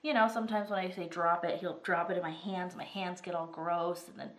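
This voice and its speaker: Here the Arizona crafter, a woman in her thirties, talks fairly quickly in a lowish, steady voice. Breathing a little heavily after strep throat, she chats and rambles casually at her table as a vlogger, leaning on "like" often.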